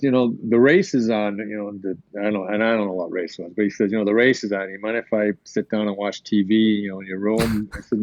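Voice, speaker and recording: A man's voice: medium pitch, a little mellow, no room sound, muffled recording. An older man, a former hockey player, casually telling stories as a podcast guest and acting out quoted dialogue. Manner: rambling anecdotes with quoted dialogue. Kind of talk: casual storytelling.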